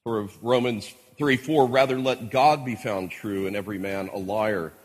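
A man's voice: on the low side, steady tone, normal speed. A man preaching an expository sermon, quoting scripture as he explains the text. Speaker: pastor. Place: church hall. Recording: church hall recording with long reverb.

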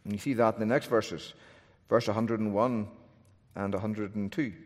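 A man's voice: lowish voice, fairly even intonation, normal speed. A man preaching a sermon in an earnest, emphatic way, with restarts and asides. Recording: long hall reverb.

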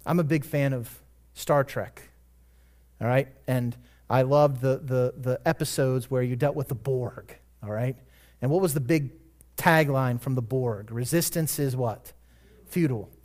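A man with a mid-range, darkish voice preaches a sermon as a pastor. His delivery is earnest and conversational, rising to emphatic peaks and falling back into casual asides and self-corrections.

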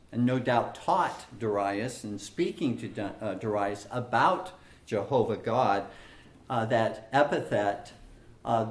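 A man preaching an expository sermon in a measured, emphatic way, with frequent fillers and repeated phrases. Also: medium pitch. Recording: echoey room.

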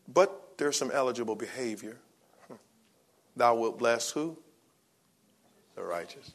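Husky-voiced preacher man, hushed to fiery. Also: a little slow, long pauses. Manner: swings between low hushed reflection and raised excited preaching. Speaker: pastor. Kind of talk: sermon.

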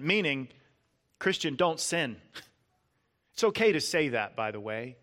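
Preaching with real conviction, this man stresses list items one word at a time and lowers his voice softly at important points. His delivery is very animated and slightly slow, with frequent pauses.

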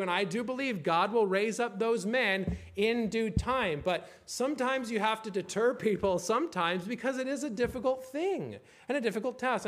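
A man pastor preaching a sermon, emphatic and full of rhetorical questions, slowing down to read scripture and the confession aloud. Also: high-pitched.

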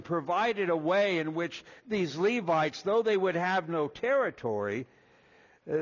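A man preaching a sermon, folksy and animated, acting out little quoted voices as he walks through Scripture. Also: a little high, highs cut off. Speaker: pastor.

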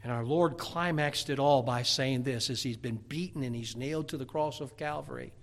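A man preaching a sermon, reading scripture verses aloud and swinging from loud, emphatic passages to hushed, almost whispered ones. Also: medium pitch, normal speed.

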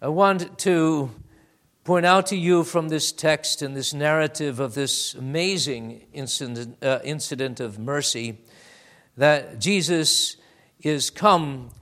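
A man preaching a sermon, reading scripture aloud with slow, stressed phrasing and calling his listeners beloved. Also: a little high, fairly bright tone. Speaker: pastor.

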